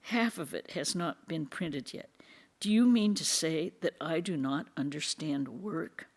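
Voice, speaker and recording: A reader voicing a spirited elder monk who teases and commands his brother monks, with lively, emphatic scolding. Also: mid-range voice, unhurried, close to an everyday voice.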